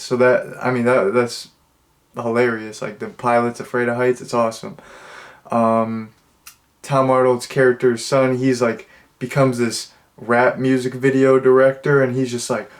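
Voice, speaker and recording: A young man talks through a film review in a loose, easygoing way, circling back on his sentences and padding them with fillers. His voice sits at an ordinary middle pitch, and he sounds relaxed and unhurried from a dim room indoors. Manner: rambling and laid-back, with many "like" fillers and restarts. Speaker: movie reviewer. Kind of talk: casual spoken film review. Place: dimly lit room indoors.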